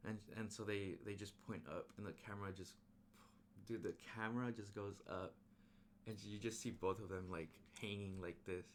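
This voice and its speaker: A young man recapping a film in a casual, excited ramble, full of slang and fillers. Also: fairly low pitch, normal speed, slight background noise. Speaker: movie reviewer.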